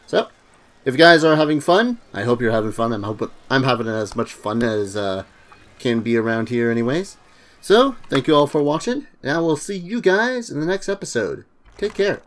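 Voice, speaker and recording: A man's voice: medium pitch, lively intonation, moderate pace. A man casually commenting on a video game as a let's play host, joking and rambling.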